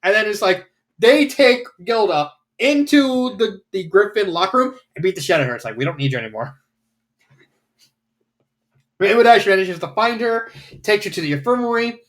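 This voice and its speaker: A man's voice: high voice, lively intonation, brisk. A man casually reviewing fanfiction, rambling with lots of fillers and the odd swear word.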